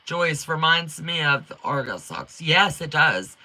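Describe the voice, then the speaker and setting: A middle-aged woman hosts a quilting livestream, chatting fast in a folksy way with a strong accent and reading out viewer comments. Her voice sits low and sounds animated, and she comes across upbeat and warm toward her viewers.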